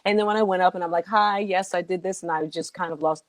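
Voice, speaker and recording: A woman's voice: fairly low pitch, fast. A woman guest telling a funny story with lots of energy, laughing and acting out voices as she goes. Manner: lively, acts out voices and laughs while telling. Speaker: guest singer. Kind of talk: animated storytelling.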